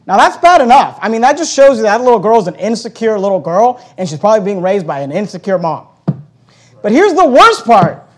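High-voiced pastor, animated preaching. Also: male voice, fairly quick. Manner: animated storytelling, acting out quoted voices, swings between loud and hushed. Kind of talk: sermon.

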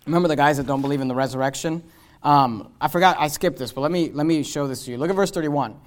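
Fervent high-voiced man preaching a sermon. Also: quick pace. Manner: fervent, building to loud emphatic peaks; conversational asides with fillers and restarts. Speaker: pastor.

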